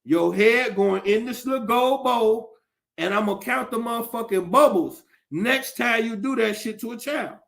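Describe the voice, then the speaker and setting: A man with a high, gravelly voice delivers a profane, animated comedic rant as a podcast host. His tone is bright and forceful, and laughter keeps breaking into his talk. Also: moderate pace.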